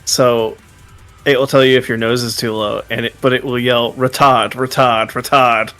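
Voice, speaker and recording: A man's voice: mid-range voice, little pitch movement, moderate pace, fairly bright tone. Stream co-host, casual man, rambling anecdotes, faint music behind. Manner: storytelling, laughing, rambling.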